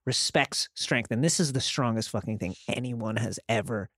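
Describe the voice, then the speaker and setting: A man's voice: mid-range voice, moderate pace, fairly bright tone, no echo, studio quality. A man co-hosting a podcast, recapping an episode in a jokey, profane way and acting out quotes. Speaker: podcast co-host. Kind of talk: casual recap chat.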